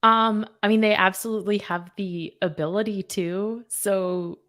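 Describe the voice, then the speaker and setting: A woman co-hosting a talk show, easygoing and quick to laugh in casual banter. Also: medium pitch, fairly even intonation, fairly bright tone. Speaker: co-host.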